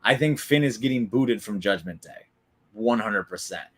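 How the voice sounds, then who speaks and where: A man's voice: lowish voice, normal speed, fairly bright tone. A man hosting a casual wrestling recap stream, chatty and opinionated, talking back to viewers in the chat. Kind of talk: casual live-stream commentary.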